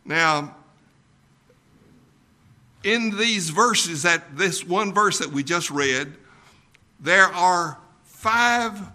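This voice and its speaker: An older pastor delivering a sermon at a very unhurried pace. His voice is fairly high for a man and strikingly bright and sharp. He talks in a folksy way, pausing on ums and uhs.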